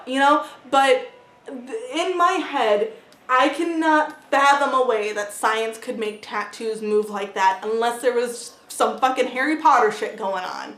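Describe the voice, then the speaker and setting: A woman talks through a book review in a loose, casual vlog style, leaning on "like" and dropping the odd swear word. Her voice sits a little on the high side. The room rings back with a noticeable echo. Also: a bit bright. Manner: chatty, heavy use of "like" fillers; blunt, swears freely. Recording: roomy echo.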